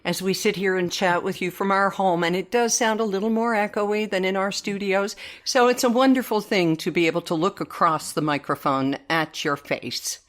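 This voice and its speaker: A woman from Alberta, Canada, hosting a casual podcast chat from home in an outspoken, lively way, quick to laugh. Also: mid-range voice. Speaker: podcast host. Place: home living room.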